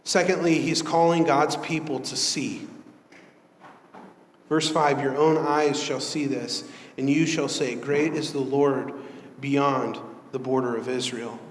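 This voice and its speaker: A man preaching a sermon as pastor, in an earnest, conversational style that builds in emphasis. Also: fairly high pitch. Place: church sanctuary. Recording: echoey church hall.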